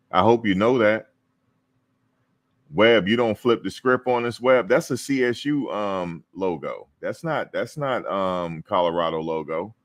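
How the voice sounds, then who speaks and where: A man hosting a casual live-stream talk show, teasing and answering his viewers. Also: lowish voice. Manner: animated, teasing, talks to viewers and chat. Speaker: show host.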